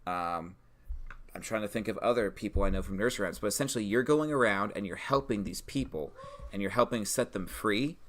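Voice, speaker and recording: A man with a lowish voice co-hosts a relaxed brainstorming chat. He thinks aloud, hesitating and restarting phrases as he builds out his ideas. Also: a little fast. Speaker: podcast co-host.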